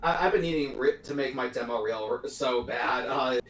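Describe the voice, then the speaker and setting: Halting man on a distant, roomy mic. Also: mid-range voice, fairly bright tone. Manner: halting, searching for words. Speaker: talk show co-host. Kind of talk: casual chat on a live stream.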